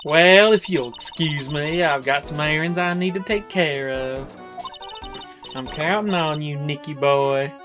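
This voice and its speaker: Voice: medium pitch, a little slow, music in the background, natural voice. A performer voicing a sugary, flirty woman. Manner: sugary, teasing, affected. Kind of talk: fan dub of a video game.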